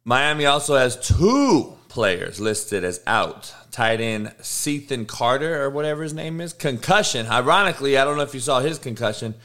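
A man's voice: mid-range voice, expressive, moderate pace, hardly any pauses, fairly bright tone. A man hosting a sports betting show, reading injury news in a casual, offhand way with frequent swearing. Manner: profane, offhand, reads news aloud.

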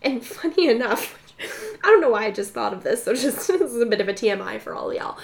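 A woman's voice: a little high, sing-song, fast talker, creaky. A young woman co-hosting a podcast, telling stories with lots of laughter, acting out quotes and swearing freely. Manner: storytelling with bursts of laughter, acts out quotes. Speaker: podcast co-host. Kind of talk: casual chat.

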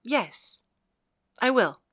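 A young priestess, loving and anxious, speaks in a bright, clear tone, as a woman reads her lines. The delivery is earnest and heartfelt, in the manner of a storybook audiobook. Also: on the high side, lively intonation, very slow, voice pushed up, exaggerated voice. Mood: tender. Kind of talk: audiobook dialogue reading.

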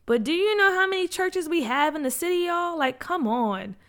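A woman's voice: very high-pitched, expressive, normal speed, a bit bright, pitched above the performer's own voice. A woman voicing a skeptical boy who questions his friends. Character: skeptical boy in a kid crew.

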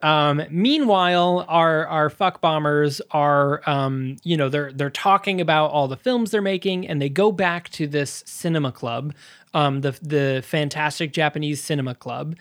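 Um homem apresentando um podcast de cinema em conversa casual, resumindo um filme com muitas hesitações e risadas. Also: male voice, a little high, measured pace, fairly bright tone. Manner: rambling recap with many fillers and laughs. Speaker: podcast co-host. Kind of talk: casual movie podcast chat.

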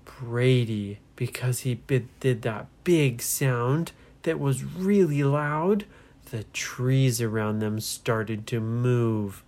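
A woman telling a children's adventure story in a gentle, drawn-out way, dropping to a whisper for tense moments. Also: very deep voice. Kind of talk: bedtime-style adventure storytelling.

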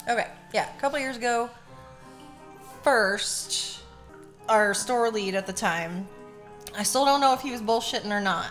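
A woman's voice: a little high, a little slow, pauses often, a bit bright, faint music behind. A young adult woman co-hosting a podcast, telling stories in a loose casual way, swearing freely and laughing easily. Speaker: podcast co-host. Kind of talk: casual storytelling chat.

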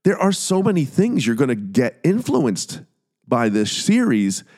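A man's voice: medium pitch, sing-song, a little slow, darkish tone. A man hosting a podcast, talking in a casual, critical, conversational way as he retells scenes. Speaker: podcast host. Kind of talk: casual commentary.

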